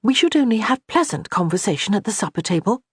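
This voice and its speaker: A narrator voicing a kind, calm young noblewoman in an audiobook. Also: mid-range voice, quick pace, breathy edge, dry recording, clean studio sound, pitched above the performer's own voice. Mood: gentle. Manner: soft, reassuring. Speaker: character in an audiobook. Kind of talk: audiobook character reading.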